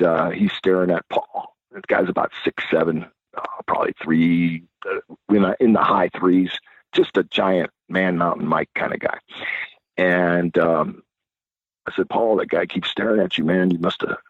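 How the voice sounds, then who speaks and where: A man's voice: low voice, slightly rough, no echo. Older man telling wild road stories. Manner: acts out voices and screams in his stories, laughs a lot. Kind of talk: animated storytelling. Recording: dull lo-fi sound.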